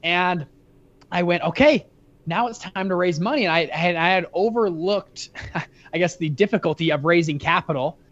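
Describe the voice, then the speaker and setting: Young guy in an interview, fast excited storytelling, high-ish voice, dry dull sound. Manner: energetic, fast-talking storyteller with frequent restarts. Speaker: guest, fund founder.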